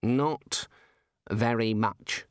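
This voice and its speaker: A man voicing a fussy, bookish male wizard who speaks slowly and deliberately. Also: on the low side, clean tone, no echo, studio quality. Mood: pedantic.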